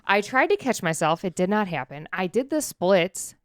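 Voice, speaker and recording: A woman's voice: medium pitch, moderate pace, clean tone, dry recording, studio quality. A woman co-hosting a casual podcast, telling stories animatedly and acting out quotes. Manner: animated storyteller, acts out quotes. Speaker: podcast co-host. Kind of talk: casual chat. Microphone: studio dynamic mic.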